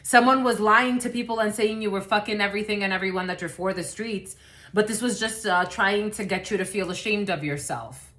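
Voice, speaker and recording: A woman's voice: medium pitch, a little fast, fairly bright tone. A woman giving a collective tarot reading to camera, blunt and rambling, swearing freely and laughing often. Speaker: tarot card reader.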